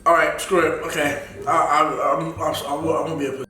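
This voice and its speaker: A man's voice: a little high, level tone, fast talker, sharp tone, faint music behind. A young man vlogging a food challenge, groaning and exclaiming dramatically. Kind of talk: casual challenge vlog. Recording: echoey room.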